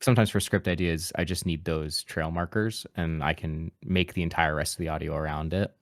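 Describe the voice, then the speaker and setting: A man with a very low voice, talking casually as a podcast guest about his voice acting work. He chats in a relaxed way and laughs often. The sound is dry and close, with no room echo. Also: fairly quick.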